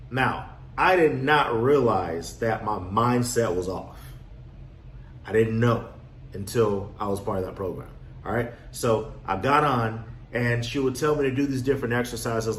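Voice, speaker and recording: A man coaching on real estate wholesaling in a casual motivational talk, acting out his own past with lively energy. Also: fairly low pitch. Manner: animated storyteller, acts out his younger self. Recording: echoey room, faint background noise.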